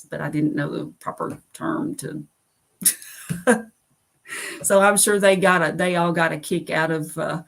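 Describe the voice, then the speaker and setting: Middle-aged Southern woman host, deep voice with some fry, easygoing and rambling. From United States. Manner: rambling, many fillers, laughs at herself. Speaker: live stream host. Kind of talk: casual chat on a live stream.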